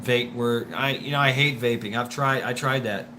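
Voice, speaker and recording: A man's voice: medium pitch, fairly even intonation, moderate pace, background noise. A man hosting a casual livestream, rambling and stammering with lots of swearing while he answers viewer comments, with a wheezy smoker's voice. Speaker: livestream host.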